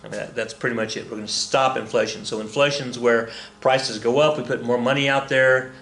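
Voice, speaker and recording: A man's voice: mid-range voice, fairly even intonation, brisk, fairly bright tone, roomy sound. Chatty middle-aged male history teacher. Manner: chatty, joking asides, self-corrections. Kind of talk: casual recorded lesson.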